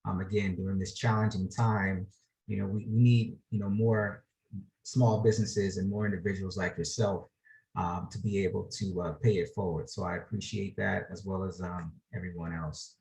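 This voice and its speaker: A man presenting an award at an online ceremony on a video call, measured with hesitant fillers. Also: low voice, flat delivery, vocal fry, a little mellow, low-quality recording.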